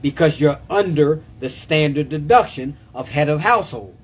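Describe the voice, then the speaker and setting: A man's voice: on the high side, animated, normal speed, a little hiss or hum. A man who works as a tax preparer, talking casually on a livestream, emphatic and repetitive, often asking whether listeners understand. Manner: emphatic, repeats himself and asks "you understand?". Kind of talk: casual live-stream talk.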